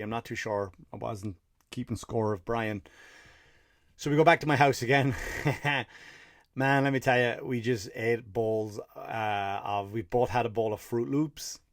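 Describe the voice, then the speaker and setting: An Irish man with a medium-pitched voice hosts a comedy podcast, speaking at a moderate pace with fairly even intonation. He tells a rambling, profane story full of fired-up rants, worn out after running 50 miles. The studio recording is clean with no echo.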